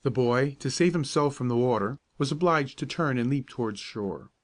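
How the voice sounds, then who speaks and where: A man narrating a children's audiobook in a calm, even, measured bedtime reading. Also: medium pitch. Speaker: storyteller.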